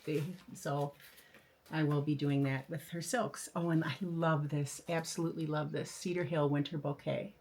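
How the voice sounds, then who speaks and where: A woman's voice: sits low, flat delivery, normal speed, darkish tone. An older woman hosting a craft video, chatting casually and enthusiastically about her new patterns, with frequent fillers and restarts. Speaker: flosstube host. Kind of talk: casual show-and-tell chat.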